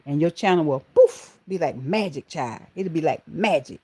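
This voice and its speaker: A middle-aged woman with a Southern American drawl hosts a casual live stream and chats with her viewers. Her voice sits a little low and she talks in a folksy, affectionate way, calling people honey and baby. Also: animated, moderate pace, dark tone, breathy edge. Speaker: channel host.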